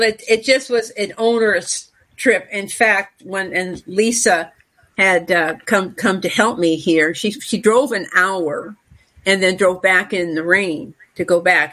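A woman's voice: lowish voice, a little slow, fairly bright tone. A woman co-hosting a podcast chat, rambling along with plenty of fillers.

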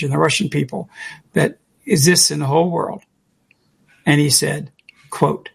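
A man co-hosting a call-in show, delivering an emphatic, deliberate monologue and repeating his key phrases. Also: fairly high pitch, creaky, fairly bright tone, husky.

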